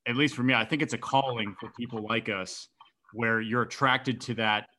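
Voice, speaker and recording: A man's voice: medium pitch, fairly even intonation, normal speed, pushed and bright. A man, a guest on a casual interview, reflecting and thinking aloud with hesitations.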